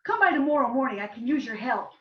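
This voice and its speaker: A woman reading as an older small-town woman who calmly confesses a long-hidden killing, in a matter-of-fact way. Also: high-pitched, fast talker, pitched above the performer's own voice. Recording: distant roomy dull live recording.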